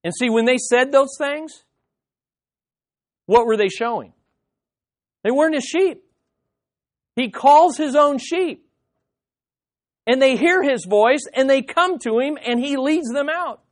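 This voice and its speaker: The congregation hears an expository sermon from a man whose voice is very high. As pastor, he stays energetic and conversational, breaking off to restart sentences and doing quick, playful impressions.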